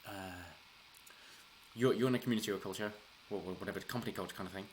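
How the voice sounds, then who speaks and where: A man's voice: on the low side, quick pace, slight background noise. A man hosting a casual solo political commentary, rambling with restarts and chuckling as he talks. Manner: rambling, frequent restarts, chuckles while talking. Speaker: political commentary channel host.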